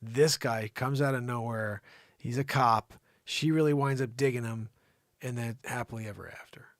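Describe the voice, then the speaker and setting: A man hosting a live talk show, doing improvised comedic commentary in an excitable, riffing way that swings between loud outbursts and muttered asides. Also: a little high, normal speed, vocal fry, no room sound, studio quality.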